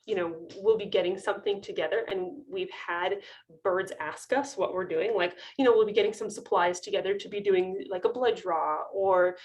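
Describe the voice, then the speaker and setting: A woman's voice: mid-range voice, fairly even intonation, moderate pace, darkish tone. A woman in her thirties, an avian veterinarian, telling funny clinic stories in a casual webinar talk over a video call, chatty, laughing often, with many ums and restarts.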